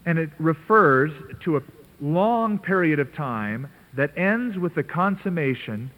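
A man's voice: a little high, lively intonation, measured pace. Tinny radio preacher, earnest man. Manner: earnest, conversational preaching with emphatic asides. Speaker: pastor. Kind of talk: sermon. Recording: tinny narrow-band radio broadcast.

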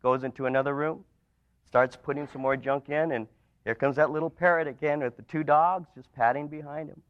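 Man preaching a sermon, slightly high. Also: steady tone, brisk, no echo. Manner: storytelling, drops to soft emphatic lines. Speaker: pastor. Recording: dull lo-fi recording.

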